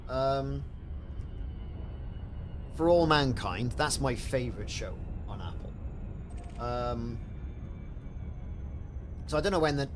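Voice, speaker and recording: Brief: male streamer, animated and rambling, with clear game engine hum underneath. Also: medium pitch. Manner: chatty, rambling, reads and answers chat. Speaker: livestreamer. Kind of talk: casual live-stream chat while playing.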